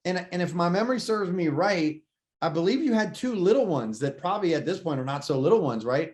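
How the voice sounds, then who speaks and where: A man co-hosting a casual podcast, talking shop with lively energy and acting out imagined phone calls. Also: sits high, brisk. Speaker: podcast co-host. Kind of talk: casual real estate podcast chat.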